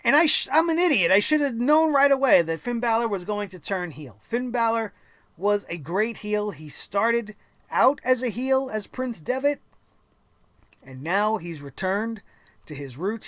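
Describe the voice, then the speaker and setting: A host recapping a wrestling show in a casual, opinionated way, telling the matches dramatically with emphatic pauses and swearing freely. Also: mid-range voice, no echo. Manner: excitable, profane and opinionated.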